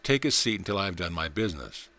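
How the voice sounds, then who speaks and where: A man's voice: low-pitched, sing-song, quick pace, sharp tone, exaggerated voice. A man reading the part of a hearty middle-aged butcher who speaks in a friendly, matter-of-fact way. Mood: welcoming.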